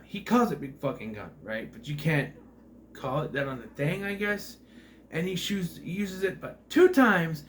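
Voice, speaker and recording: A man's voice: mid-range voice, slight background noise. A man talking through a movie review in a casual vlog, rambling, sarcastic and exasperated.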